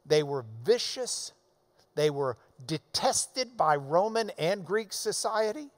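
Animated high-voiced male preacher, slow delivery. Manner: emphatic, repeats words in loud bursts; folksy asides to the congregation. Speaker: preacher teaching a Bible passage. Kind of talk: expository sermon.

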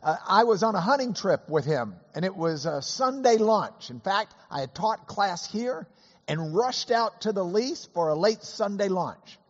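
A hoarse man who is ill, teaching a Bible class through a chatty anecdote with many fillers. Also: high voice, lively intonation, unhurried, in a large hall, dull audio. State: hoarse from illness. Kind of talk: storytelling lesson.

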